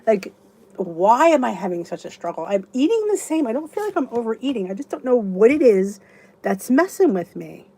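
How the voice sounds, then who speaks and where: A chatty woman in her fifties hosts a casual live stream and answers viewers by name. Her voice sits a little high, and she rambles along with plenty of restarts. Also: very animated, moderate pace, dark tone, slightly rough. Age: 50s. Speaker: YouTube channel host.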